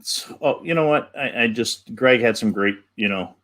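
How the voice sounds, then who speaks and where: A man co-hosting a live show, reading viewer questions aloud and chatting with hesitant pauses. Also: medium pitch, fairly bright tone. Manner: hesitant, lots of fillers. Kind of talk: casual live-stream chat.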